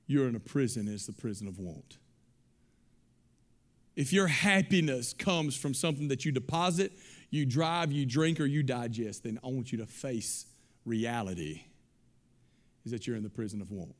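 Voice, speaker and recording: Emphatic, booming male preacher. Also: animated, normal speed, long pauses. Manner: emphatic, rising to loud exclamations. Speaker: pastor. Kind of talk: sermon.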